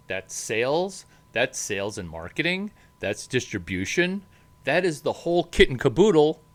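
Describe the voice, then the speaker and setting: Emphatic man with slow punchy delivery. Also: medium pitch, fairly bright tone. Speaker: startup advisor. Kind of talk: animated monologue to camera.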